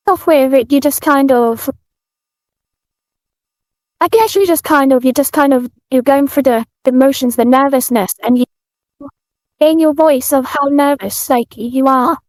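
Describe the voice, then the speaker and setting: A woman from the UK with a British accent, chatting as a guest in an interview, soft-spoken with many fillers and restarts. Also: high-pitched, unhurried, long pauses, dry recording. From United Kingdom. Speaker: guest streamer. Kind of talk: casual interview chat.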